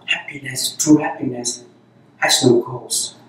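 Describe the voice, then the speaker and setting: Man, Zen teacher, dharma talk, unhurried repeated phrases, very echoey hall, far from the mic. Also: medium pitch, fairly even intonation. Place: meditation center hall.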